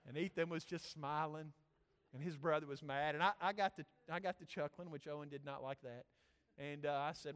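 A man's voice: fairly high pitch, a little fast, fairly bright tone, smooth. A man, preaching a sermon and telling rambling family stories with many restarts. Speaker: pastor. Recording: long reverb of a church hall.

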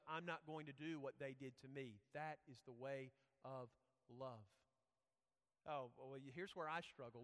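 Male pastor, somewhat high voice, earnest conversational sermon, long hall reverb. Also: fairly bright tone. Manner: earnest, conversational preaching with personal stories.

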